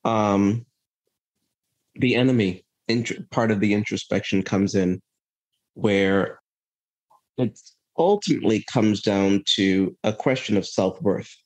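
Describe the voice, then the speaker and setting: Taking it slowly in a fairly low voice, a man guesting on a podcast recounts a personal story with earnest reflection. He keeps checking in with "right?" and restarts his sentences as he thinks aloud.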